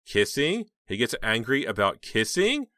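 A man voicing a blunt, joking teenage girl with a hoarse, squeaky voice. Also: wildly swooping pitch, measured pace, pushed and bright, dry recording, clean studio sound, exaggerated voice. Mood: teasing. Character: short chunky teenage girl, blunt joker.

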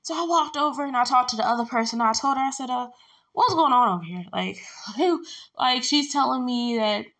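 A woman with a high voice speaks a little fast, telling a long personal story in a casual, rambling, animated way. She acts out the back-and-forth exchanges, using lots of filler words.

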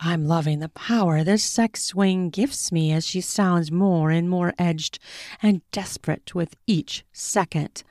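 A woman author reading her own first-person erotic story in a slow, intimate, deliberate way. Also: on the low side, darkish tone, no echo, clean studio sound.

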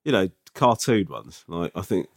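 A man in his forties co-hosting a casual podcast, telling animated, self-mocking stories. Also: deep voice, moderate pace, creaky. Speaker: podcast co-host. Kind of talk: casual chat.

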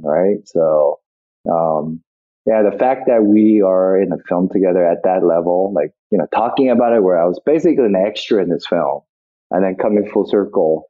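A man's voice: fairly low pitch, animated, normal speed. A man being interviewed as a guest actor, telling stories reflectively with many restarts, over a tinny phone-like line. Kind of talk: interview conversation.

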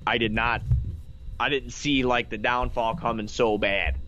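A man's voice: mid-range voice, steady tone, a little slow, pushed and bright, muffled recording. A man co-hosting a casual sports podcast, glum and complaining, stammering through his sentences. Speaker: podcast co-host.

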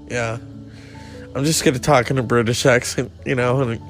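A man's voice: medium pitch, fairly even intonation, fairly quick, faint music behind. A man hosting his own show, ranting crudely and rambling in casual comedy style.

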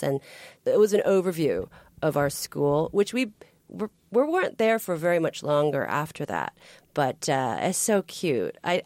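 A woman's voice: low voice, darkish tone, no room sound. A woman comedian as an interview guest, chatting casually and laughing easily.

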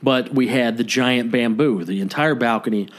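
A man's voice: mid-range voice, normal speed. A man co-hosting a comedy podcast, telling a long story in casual chat and acting out the people in it. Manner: animated storyteller who acts out quotes. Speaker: podcast co-host.

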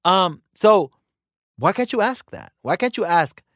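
An American man hosting a podcast in a casual ranting monologue, animated and emphatic, repeating words for emphasis. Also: sits high, normal speed, breathy edge, no room sound, studio quality. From United States. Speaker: podcast host.

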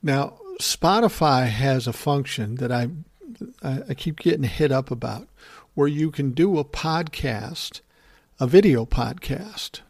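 A man's voice: mid-range voice, lively intonation, unhurried, darkish tone, dry recording, clean studio sound. Profane, fired-up older man ranting. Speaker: podcast host. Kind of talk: solo political commentary.

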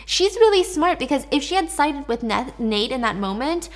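A woman narrating a dark story in a chatty, casual retelling with wry asides. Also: sits high, big pitch swings, moderate pace.

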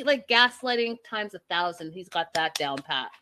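A woman hosting a casual live-stream recap, chatty and animated, talking straight to her viewers. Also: lowish voice, normal speed. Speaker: reality show recap host.

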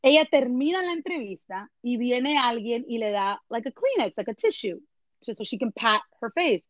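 A woman telling an animated story in a casual chat, switching between English and Spanish. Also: a little high, fairly quick, dry recording, highs cut off. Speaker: entertainment journalist guest.

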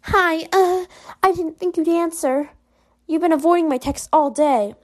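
A woman's voice: very high-pitched, unhurried, a little mellow, voice pushed up. A woman reading out the lines of a pushy, clingy teenage girl in a story game, pleading and insistent. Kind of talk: reading a story game's dialogue aloud.

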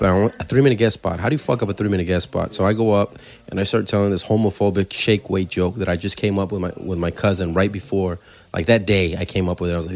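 A man, a stand-up comedian telling stories on a podcast in a casual, animated way, swearing freely. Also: low-pitched. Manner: animated storyteller, swears freely, acts out quoted voices.

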